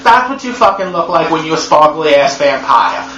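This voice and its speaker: A man reviewing a movie in a sassy, profane, animated comedy recap. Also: a little high, moderate pace. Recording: echoey room, dull lo-fi sound, faint hum.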